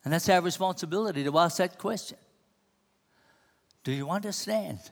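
Aussie preacher guy, high-pitched, emphatic repeated questions, echoey church hall. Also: moderate pace, gravelly. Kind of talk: sermon. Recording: long hall reverb.

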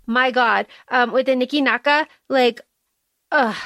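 Chatty woman, fairly high voice. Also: measured pace, no echo. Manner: chatty, animated retelling with fillers. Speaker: podcast co-host. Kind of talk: casual book-club podcast chat.

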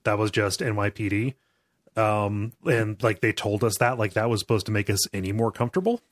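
A man's voice: fairly low pitch, a little fast, no room sound, clean studio sound. A man from Ohio hosting a casual podcast chat, often repeating words and laughing between sentences. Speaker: podcast host.

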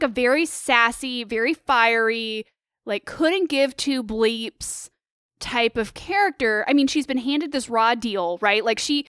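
A woman co-hosting a casual film discussion, animated and opinionated with quick asides. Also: on the high side, smooth, dry recording, studio quality. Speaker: co-host of a film discussion show. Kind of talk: casual film commentary chat.

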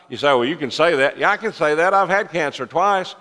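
An older man preaching a sermon, folksy with joking asides, swinging from impassioned fervor to hushed, quiet passages. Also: on the high side, fast, hardly any pauses, in a large hall.

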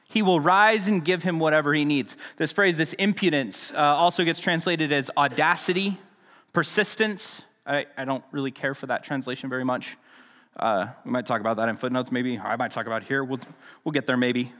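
A man's voice: a little high, a bit bright, big-room sound. A man preaching a sermon in a casual, conversational teaching style, with frequent restarts and asides. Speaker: pastor.

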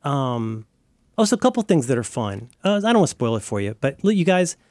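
An animated man chats casually on a podcast, rambling and restarting his sentences often. His voice sits at a middling pitch, close and dry with no room sound. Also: fairly quick, dry recording. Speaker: podcast co-host. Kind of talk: casual chat.

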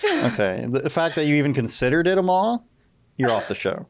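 A man's voice: on the high side, sing-song, moderate pace. Joking male talk-show host. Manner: joking, teasing. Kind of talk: casual panel chat.

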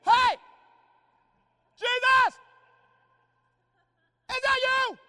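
A man acting out a panicky, excitable male fisherman disciple who shouts in a frantic way, with long hall reverb. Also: very high voice, fast talker, creaky, breathy edge, pitched above the performer's own voice, full character voice. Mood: shouting.

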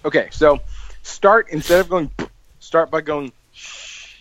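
A man's voice: a little high, measured pace, a bit bright, a little hiss or hum, low-quality recording. Joking man explaining with a laugh. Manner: joking, explains things casually, laughs often. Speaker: podcast co-host. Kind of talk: casual chat.

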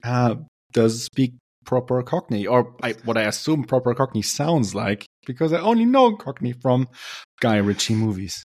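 A man's voice: medium pitch, lively intonation, normal speed, a little mellow, dry recording, studio quality. A man co-hosting a podcast in casual chat, chatty and laughing often, with frequent restarts. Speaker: podcast co-host.

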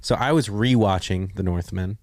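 A man co-hosting a podcast, chatting casually about movies and acting out quotes in an animated way. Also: deep voice, moderate pace, no echo, studio quality. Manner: animated storyteller, acts out quotes. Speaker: podcast co-host. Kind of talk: casual movie review chat.

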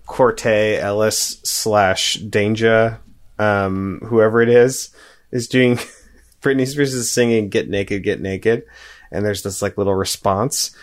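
A man co-hosting a casual music podcast, talking in a playful, amused way and laughing often. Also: on the low side. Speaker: podcast co-host. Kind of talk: casual chat about music.

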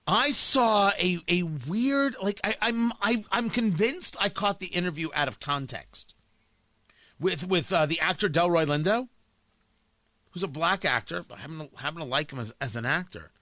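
A man with a high, bright voice delivers an emphatic talk-show monologue, his pitch swinging widely as he stresses points. He often stumbles and repeats words before pressing on. The sound is dry and close, with no room around it. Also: lively intonation, normal speed, no echo. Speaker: radio talk host. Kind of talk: opinionated monologue.

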